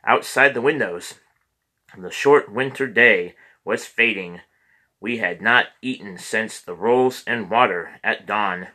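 Slow, measured male audiobook narrator. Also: fairly low pitch, sharp tone. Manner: measured, with occasional stumbles and restarts.

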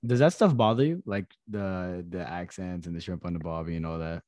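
A man's voice: low-pitched, brisk, darkish tone, dry recording, clean studio sound. A man hosting a casual podcast, asking questions and laughing often. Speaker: podcast host. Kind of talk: casual chat.

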